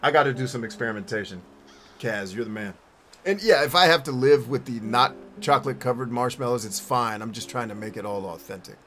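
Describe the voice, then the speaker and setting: A man's voice: medium pitch, a little fast, a bit bright, soft background music. A man streaming a game and answering his chat in a blunt, profane, rambling way, often restarting his sentences. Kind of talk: casual chat while gaming.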